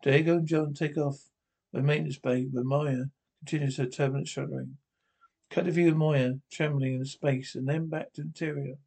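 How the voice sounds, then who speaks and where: A man's voice: on the high side, steady tone, fairly quick, creaky, darkish tone, husky. A man reading a scripted description of a TV episode aloud, naming each speaker before the line. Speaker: audio describer.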